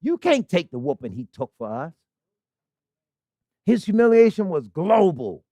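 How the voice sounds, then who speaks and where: A male preacher delivers a sermon full of rhetorical questions and call-and-response. His voice sits fairly high and moves through a wide, animated range. The recording is dry and close, with almost no room echo. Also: unhurried. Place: congregation hall.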